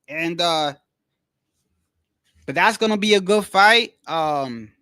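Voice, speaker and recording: A man hosting a casual livestream, rambling in a slangy, animated way and repeating himself as he tells stories. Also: high-pitched, slow pace, clean tone, no room sound, clean studio sound. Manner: slangy, rambling, keeps saying "bro". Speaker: livestream host. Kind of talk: casual livestream boxing chat.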